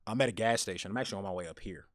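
A podcast co-host tells a story with lots of energy and many restarts in casual chat. His voice is on the low side and he talks very fast. The studio-quality recording has no echo.

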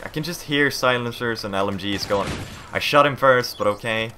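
A man's voice: mid-range voice, moderate pace. A man doing live gameplay commentary, frustrated and swearing as he plays. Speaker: gamer. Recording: game noise clearly behind.

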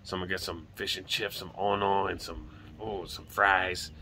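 Man with a lilt, middle-aged, rambling porch chat, bright sharp tone, lowish pitch. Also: fairly even intonation, moderate pace, a little hiss or hum. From Hawaii. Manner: laid-back, rambling, swears casually. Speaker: vlogger. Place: outdoors on a home porch.

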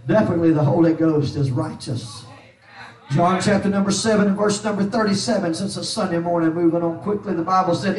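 A man preaching a holiness sermon as pastor, shouting his lines with a rhythmic "uh" between phrases. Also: sits high, brisk. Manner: shouting preacher with constant "uh" cadence. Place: church sanctuary. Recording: echoey church hall from far off.

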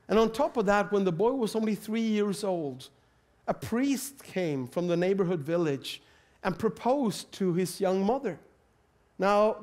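A male preacher speaks with a Swedish accent in a fairly high, light voice. He tells a story as part of his sermon, earnest and plain. He often lets his voice soften and slow down. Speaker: pastor.

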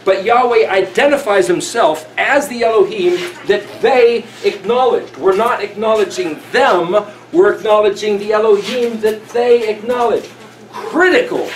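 A man teaching scripture, reading verses aloud and then explaining them in a conversational way. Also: high voice. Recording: roomy with faint background noise.

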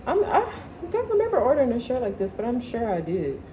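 Young woman, casual vlog chat, excitable, slangy, living room, faint background noise. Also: fairly high pitch, fairly quick, dull audio. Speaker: vlogger. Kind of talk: casual haul video chat.

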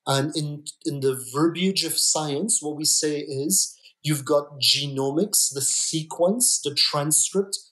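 A male geneticist guest on a podcast, explaining with emphatic, deliberate stresses and repeated words. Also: on the high side, a bit bright. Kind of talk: podcast interview.

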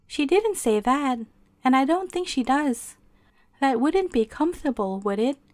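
A woman's voice: sits high, lively intonation, a little slow, a little mellow, no echo. Brief: earnest young princess, pleading and hurt, storybook reading, a woman doing the voice, dry close sound. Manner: pleading, indignant.

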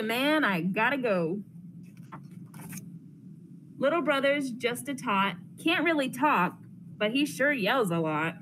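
A young woman counselor intern, reading a rhyming picture book aloud to children in a lively, sing-song way. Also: fairly high pitch. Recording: noisy classroom recording.

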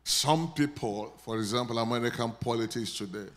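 A man with a Nigerian accent preaching a sermon, leading his congregation in call and response and rising to loud prayer declarations. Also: mid-range voice, normal speed. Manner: builds to loud declarations when praying over the congregation. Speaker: pastor.

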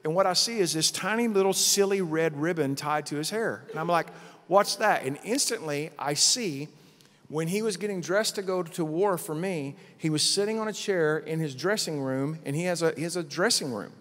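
A middle-aged man preaching at a conference, telling a vision story with lively acted-out quotes. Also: fairly high pitch, moderate pace. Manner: animated storytelling, acting out quotes. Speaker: pastor. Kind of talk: conference sermon testimony. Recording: long hall reverb.

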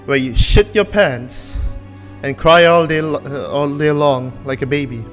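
A man's voice: fairly high pitch, unhurried, a bit bright, soft background music. A man giving casual let's-play commentary on a horror game, nervous, jokey and profane, rambling as he goes. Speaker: gameplay channel host.

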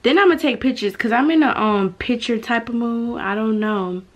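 Recorded on a handheld phone, this casual vlog features a young woman talking directly to camera. Her voice sits fairly high and moves at a moderate pace, with a bubbly, slang-filled manner.

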